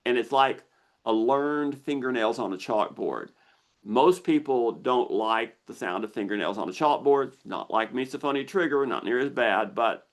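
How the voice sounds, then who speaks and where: A man hosting a live online Q&A, explaining slowly and deliberately with pauses as he shares slides. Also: medium pitch. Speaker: misophonia researcher hosting a Q&A.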